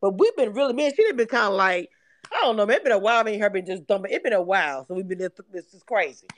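A woman's voice: medium pitch, lively intonation, racing. Brash woman hosting a chat. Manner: brash, swearing, teasing. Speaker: space host. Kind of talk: casual chat.

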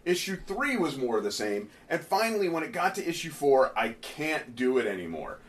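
Animated, exasperated man ranting. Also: on the high side, normal speed. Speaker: comic book podcast host. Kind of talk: casual comic review chat.

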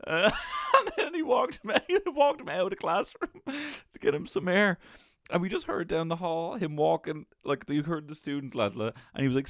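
Animated man telling stories. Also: fairly high pitch, moderate pace, no echo, studio quality. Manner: animated, swearing, laughing often. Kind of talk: casual storytelling.

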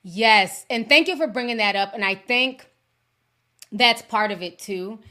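A woman whose first language is Yoruba, hosting a livestream podcast in casual chat and reading viewer messages, talking in a chatty, animated way with frequent laughs. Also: fairly high pitch, unhurried. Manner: chatty and animated, laughs often, slangy asides.

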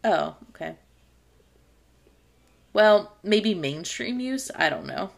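A woman's voice: medium pitch, lively intonation, slow, gravelly. A woman co-hosting a podcast, chatting casually and recapping a sitcom episode, laughing often. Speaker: podcast co-host.

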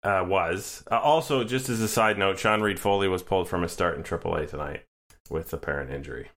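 A man's voice: low voice, fairly quick, a bit bright. A man co-hosting a podcast in casual sports chat, wry and joking, with rambling asides. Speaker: podcast co-host.

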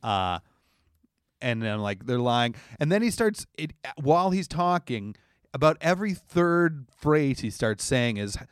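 A man's voice: mid-range voice, a little slow, clean tone, no room sound, studio quality. A man telling a story in casual chat, acting out the people he quotes and laughing often. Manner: animated, acts out quoted voices, laughs often.

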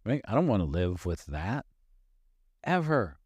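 Low, husky man, animated coaching talk. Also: unhurried, no room sound. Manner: candid and emphatic, swears casually, repeats phrases for stress. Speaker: podcast host and life coach. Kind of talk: motivational podcast monologue.

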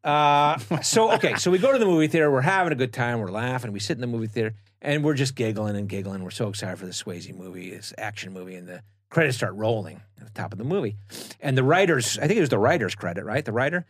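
A middle-aged man spins a loose, wandering story as a podcast co-host, dropping casual swears as he goes. His voice sits at an ordinary male pitch and is captured close and dry with no room sound. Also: animated, quick pace, few pauses, dry recording.

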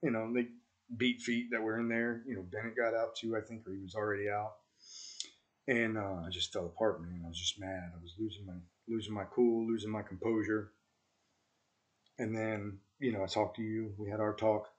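A man in his thirties with a somewhat low voice hosts a conversation. He speaks in a reflective, halting way. He fills his pauses with lots of small fillers. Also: level tone. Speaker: podcast host, former Marine squad leader. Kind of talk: conversational interview.

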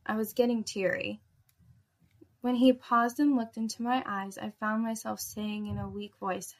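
Woman reading first-person erotic fiction, soft and intimate, with a gravelly fry. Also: mid-range voice, fairly even intonation, normal speed. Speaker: story narrator.

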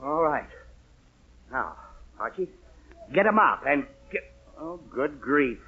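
A man's voice: on the high side, big pitch swings, takes it slowly, breathy edge, heavily acted. An actor playing an exasperated middle-aged father who lectures his household in a blustering, scolding way, in 1940s radio sitcom style. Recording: tinny 1940s radio broadcast recording.

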